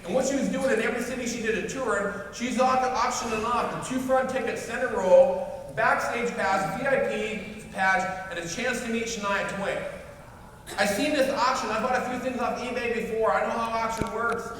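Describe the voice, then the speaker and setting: A man's voice: very high voice, normal speed, slight background noise. Guy in his 40s giving a rambling fun speech at a company event, lots of restarts, roomy hall sound from a distance. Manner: animated, acts out both sides of a phone call, many restarts. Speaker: motivational speaker at a company event. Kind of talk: storytelling speech to a crowd. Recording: echoey hall from far off.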